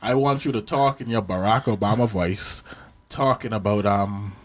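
A man's voice: lowish voice, moderate pace. Rambling male podcast host. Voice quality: rambling, digressive. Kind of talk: casual podcast chat.

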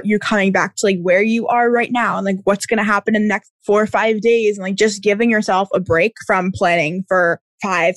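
A woman's voice: medium pitch, no room sound. A woman in casual podcast chat, earnest and full of filler words.

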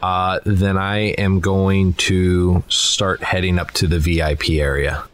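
A man playing a tabletop game, thinking aloud in a relaxed way with fillers. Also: low-pitched, takes it slowly. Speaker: player.

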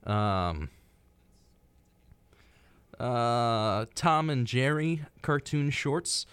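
A young adult man co-hosts a college radio show in a radio studio, chatting casually, relaxed and lively, with plenty of fillers. His mid-range voice is smooth with drawn-out words, captured on a studio microphone with no echo.

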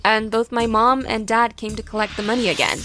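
A woman narrating a first-person story in an expressive, dramatic way. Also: a little high, a little fast. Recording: background music.

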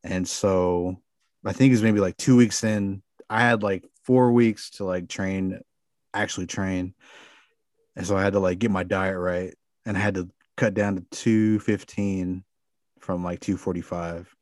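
Low-ish guy rambling thru a story on a podcast, lots of "like", cusses a bit, dry sound. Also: steady tone, a little slow, darkish tone, no echo. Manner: rambling, filler-heavy with frequent swearing. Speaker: podcast guest. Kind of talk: casual storytelling.

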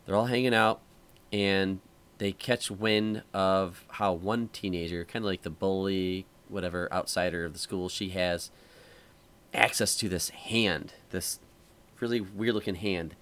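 A man with a fairly low voice rambles through a story on a relaxed podcast chat. He keeps circling back, piling up "like" and "um" as he goes. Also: unhurried, clean tone. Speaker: podcast host. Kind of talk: casual chat.

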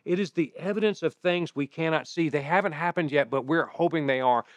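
A middle-aged pastor preaching a sermon in a conversational way, mixing scripture with personal stories. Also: male voice, a little high, brisk, no room sound.

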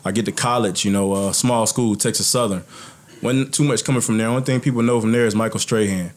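A man's voice: fairly low pitch, fast. A man who played pro football tells his own life story in casual chat and acts out what others said. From United States. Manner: animated storyteller, acts out quotes. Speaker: guest, former NFL player.

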